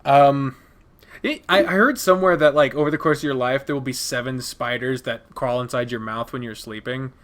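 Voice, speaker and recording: A man's voice: medium pitch, moderate pace, a bit bright. A man chatting casually as a podcast guest, rambling and swearing, laughing often. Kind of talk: casual chat.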